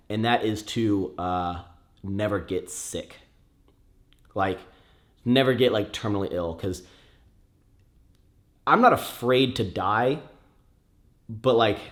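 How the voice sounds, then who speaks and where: A young man answering viewer questions in a casual chat, rambling with many fillers and restarts. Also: fairly low pitch.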